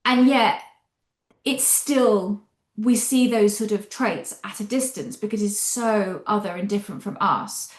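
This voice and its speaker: Animated woman novelist in a roomy echo. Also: medium pitch, unhurried. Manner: animated, expressive, thinks aloud with hedges. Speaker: novelist discussing her book. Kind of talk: interview answers.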